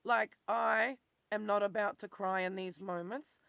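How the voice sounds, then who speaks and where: An adult in their forties with an Australian accent, talking bluntly and intensely in a candid personal monologue. Their voice is worn and turns squeaky when they get worked up. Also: steady tone, measured pace, creaky, sharp tone, smooth, dry recording. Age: 40s. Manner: blunt, swears freely, intense and rambling. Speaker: vlogger.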